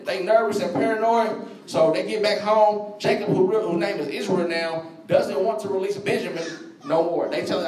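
A high-pitched man preaching a sermon, speaking conversationally and slangily and calling out to his congregation. He sounds distant from the mic, and his voice rings around an echoey church hall. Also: a little fast, a crowd in the background. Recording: echoey room, voice from far off.

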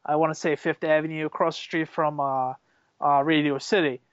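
Smooth-voiced man telling rambling stories. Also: a little high, a little fast, no room sound, lo-fi sound. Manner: rambling, excitable, many fillers and restarts. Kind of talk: casual storytelling chat.

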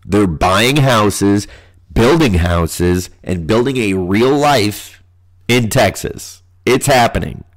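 A man's voice: fairly low pitch, expressive, slow. A young man hosting a podcast, talking in a loose, rambling, profane monologue. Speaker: podcast host. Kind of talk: casual monologue.

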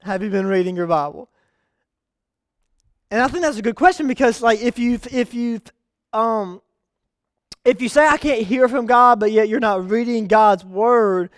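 A young man preaching with a strikingly high, clear, ringing voice. He swings from loud, pleading calls to hushed, confiding asides as he tells a story. The sound is dry and close, with no room echo. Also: normal speed. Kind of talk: sermon.

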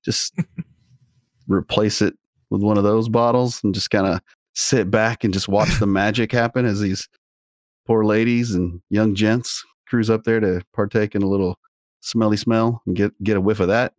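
A man with a somewhat low voice riffing playfully on a casual podcast, tossing in quick agreements between his bits. The sound is dry and close-miked. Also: fairly even intonation, darkish tone, no echo. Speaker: podcast co-host.

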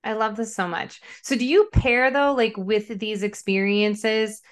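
A woman's voice: mid-range voice, fairly even intonation, measured pace. A woman hosting a podcast conversation who rambles, searches for her words and fills the gaps with "like". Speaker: podcast host. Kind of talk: casual conversation.

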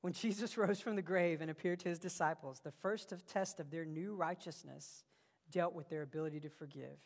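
A man preaching a sermon, telling stories with passion and swinging between loud bursts and hushed lines. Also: fairly high pitch, fairly even intonation, fairly quick. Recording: long reverb of a large hall.

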